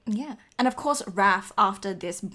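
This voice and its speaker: A woman co-hosting a podcast in loose, casual chat. She talks a lot, swears without a second thought and laughs easily. Her voice sits in an ordinary middle pitch. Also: expressive, a little slow, pushed and bright. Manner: chatty, swears freely, laughs often. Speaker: podcast co-host.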